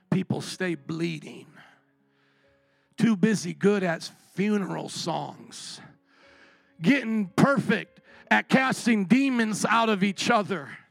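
Impassioned high-voiced gravelly pastor. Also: male voice, slow pace, pauses often, no room sound, soft background music. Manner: impassioned, swings from soft and tearful to shouting. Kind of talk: sermon.

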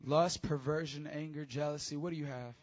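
A man preaching a casual, high-energy sermon to teenagers as youth pastor, with call-and-response. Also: fairly even intonation, a little fast, dull audio.

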